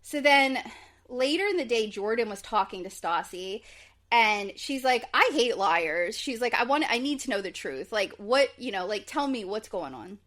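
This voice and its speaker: Podcast co-host, woman, chatty recap voice, lively up-and-down pitch, a bit high. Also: moderate pace. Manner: chatty, quotes people in lively voices, says like and um a lot. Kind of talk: casual recap chat.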